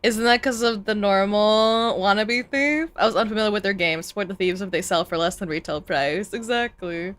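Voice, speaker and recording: A woman's voice: mid-range voice, moderate pace, few pauses. A woman streamer giving joking, rambling reaction commentary on a video, close to a streaming mic. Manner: joking, animated, rambling asides. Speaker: VTuber streamer.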